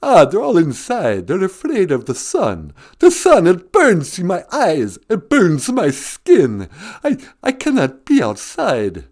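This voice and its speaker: A man voicing a pompous vampire count with a high, booming, drawn-out delivery that cackles. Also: huge pitch swings, a little mellow, full character voice. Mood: theatrical.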